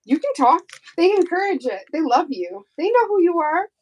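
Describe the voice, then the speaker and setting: A woman co-hosting a casual chat, talking in an animated, playful way. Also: very high voice, normal speed, highs cut off. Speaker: co-host.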